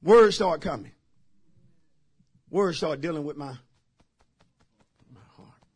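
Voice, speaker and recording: A man's voice: on the high side, takes it slowly, husky. A middle-aged man, a pastor preaching a sermon with personal testimony. He talks fervently and repeats himself, addressing the congregation directly.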